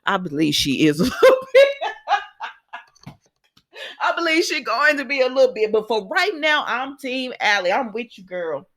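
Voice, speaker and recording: A woman's voice: fairly high pitch, normal speed, pauses often. A woman casually recapping a soap opera episode, acting out the characters' lines as she goes. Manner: animated, acts out characters' lines. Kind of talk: casual recap with acted quotes.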